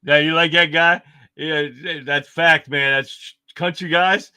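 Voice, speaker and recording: A man's voice: on the high side, steady tone, takes it slowly, sharp tone, smooth, dry recording, clean studio sound. A man hosting a live stream, chatting casually to viewers and introducing clips. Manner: chatty, laughs easily, addresses viewers. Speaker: livestream show host.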